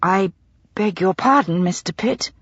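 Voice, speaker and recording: A woman voicing a fragile, frightened genteel lady who speaks slowly, haltingly and softly. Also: mid-range voice, breathy edge, no room sound, dull audio. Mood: shaken. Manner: slow, faltering and hushed. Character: frightened genteel young widow, fragile, masking fear.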